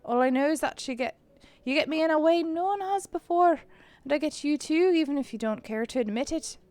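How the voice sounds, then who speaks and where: A woman's voice: sits high, expressive, brisk, darkish tone, dry recording, faint music behind, voice pushed up. A woman doing a sly Irish cat suitor. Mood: tender. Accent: put-on Irish. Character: charming male cat suitor, sly and tender.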